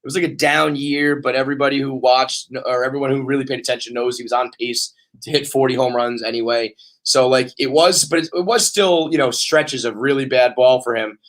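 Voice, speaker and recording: A man's voice: medium pitch, fairly even intonation, a little fast, few pauses, fairly bright tone. A man hosting a podcast, chatting casually and riffing animatedly, with plenty of swearing. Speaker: podcast host. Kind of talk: casual sports chat.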